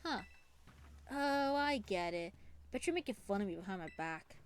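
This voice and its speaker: A woman reading out a shy teenage boy's lines from a game, dropping a little lower and sounding hurt and sulky. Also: animated, normal speed, natural voice.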